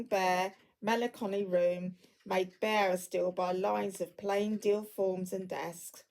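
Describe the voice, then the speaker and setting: A woman reading a classic story aloud at an unhurried pace, stumbling now and then and correcting herself. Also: medium pitch, vocal fry, a little mellow, poor audio.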